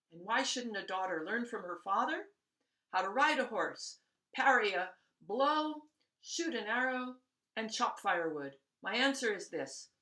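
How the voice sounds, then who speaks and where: A woman doing a sleepy, booming old tsar. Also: bright, forceful tone, roomy sound, recorded from a distance. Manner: booming proclamations, drowsy sighs. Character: grand old male tsar, sleepy and imperious. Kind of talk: storybook read-aloud.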